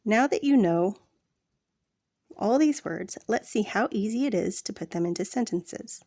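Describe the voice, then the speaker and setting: A woman reading a language textbook aloud as a read-along lesson, slow and deliberate, with casual asides to the listener. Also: on the high side, lively intonation, a little mellow, no room sound, studio quality.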